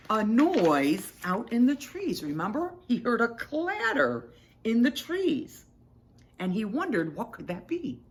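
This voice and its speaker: A woman teacher reading a picture book aloud to children and explaining the story in an expressive, patient way. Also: medium pitch.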